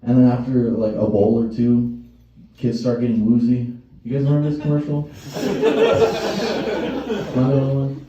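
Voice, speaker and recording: A man's voice: medium pitch, level tone, normal speed, pauses often, lo-fi sound. A male stand-up comedian doing a crude, rambling set and laughing at his own jokes. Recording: echoey room, distant mic, faint noise.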